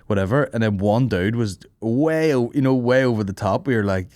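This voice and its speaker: A man's voice: medium pitch, a little fast, no room sound, clean studio sound. A young man, co-hosting a podcast, telling stories with acted-out voices and plenty of swearing. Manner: animated storyteller, acts out voices, swears. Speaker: podcast co-host. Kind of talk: casual banter.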